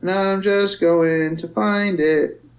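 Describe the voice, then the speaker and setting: Man, co-host, unhurried delivery, wry and pedantic. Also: high voice, steady tone, highs cut off. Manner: playful, pedantic, teasing. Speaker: podcast co-host. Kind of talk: casual chat.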